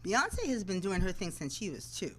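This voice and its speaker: A TV news anchor, guesting in a casual interview, tells lively stories and mimics the people she quotes. Her voice is mid-range and moderately paced, and the low-quality recording carries slight background noise.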